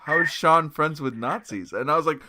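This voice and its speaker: A man's voice: fairly high pitch, fairly quick, very noisy. A man, a musician guest, telling a story with lots of energy, acting out the people in it and breaking into shrieks and laughter. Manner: acts out quotes, jumps to shrieks and laughs. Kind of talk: animated storytelling.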